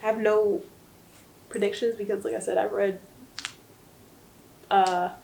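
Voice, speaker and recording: A woman's voice: mid-range voice, flat delivery, a little slow, creaky, dark tone, a little hiss or hum, rough recording. A young woman rambling through a casual book recap, full of fillers and asides. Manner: rambling, chatty, many fillers. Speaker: book vlogger.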